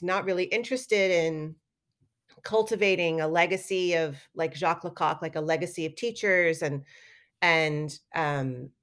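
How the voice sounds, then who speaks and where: Woman, middle-aged, low-pitched, animated storyteller, casual interview talk. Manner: animated, acts out quotes with laughs. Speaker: guest artist and educator.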